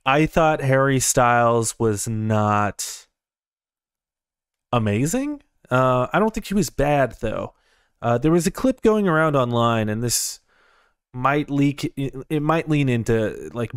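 A man's voice: mid-range voice, clear, resonant tone, dry recording, studio quality. Chatty young man reviewing in his car. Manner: rambling, chuckling, repeats words. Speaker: movie reviewer. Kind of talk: casual review vlog. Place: inside his parked car.

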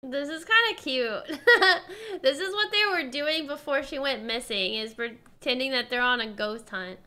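A woman's voice: high-pitched, lively intonation, measured pace, bright, forceful tone. A woman streamer giving casual, wry commentary while playing a game and reading its text aloud.

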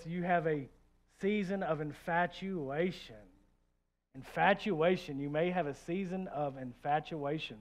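A man preaching a sermon, animated and joking, swinging from hushed asides to loud outbursts and acting out quoted voices. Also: high voice. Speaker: pastor.

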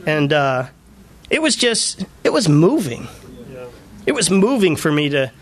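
A male pastor preaching a sermon, telling personal stories in an animated way and laughing often. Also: fairly high pitch, a little slow. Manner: animated storytelling with frequent laughter.

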